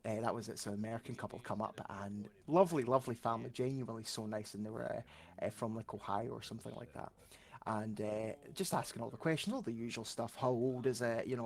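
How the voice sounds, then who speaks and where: A Scottish man, a streamer, telling anecdotes in casual chat, animated and swearing freely. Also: medium pitch. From Scotland.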